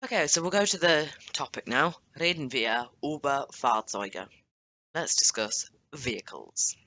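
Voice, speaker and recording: A man's voice: mid-range voice, expressive, unhurried, bright, forceful tone. A young man teaching a language lesson in a chatty, casual way, explaining with asides and self-corrections. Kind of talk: casual screen-share lesson.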